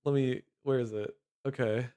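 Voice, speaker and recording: A man's voice: medium pitch, steady tone, moderate pace, mellow, soft background music. A man chatting casually on a livestream. He rambles, swears and laughs often. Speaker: streamer.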